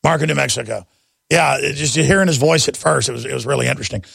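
A middle-aged man hosting a talk radio show, with a raspy, blown-out voice, talking in a wound-up, jabbering way. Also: medium pitch, fast, fairly bright tone, no room sound, studio quality. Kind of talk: fast rambling talk radio monologue.

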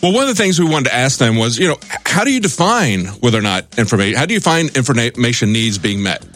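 A male reporter talking on a radio show, explaining his findings in a measured, steady way. Faint music plays under his voice. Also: medium pitch. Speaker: reporter guest. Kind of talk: radio interview.

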